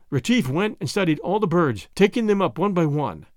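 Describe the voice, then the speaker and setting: A man reads a novel aloud in the first person. His delivery is dramatic and expressive, and his fairly high voice moves animatedly up and down. The recording is dry and close. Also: brisk, few pauses, no echo. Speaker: audiobook narrator. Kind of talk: scripted first-person narration.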